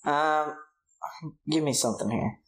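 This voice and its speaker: A man's voice: a little high, unhurried, a little hiss or hum. A man co-hosting a casual movie-review chat, rambling and hesitant, with many filler words. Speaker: podcast co-host. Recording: roomy echo.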